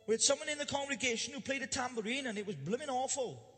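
A man preaching a humorous storytelling sermon to a church congregation, animated and jokey, building to loud emphatic bursts. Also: very high-pitched, fast talker, soft background music. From Wales. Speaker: pastor. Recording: live church hall reverb.

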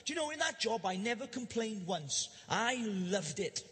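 A man preaching a humorous storytelling sermon to a church congregation, animated and jokey, building to loud emphatic bursts. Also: high-pitched, moderate pace, slight background noise. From Wales. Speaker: pastor. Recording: live church hall reverb.

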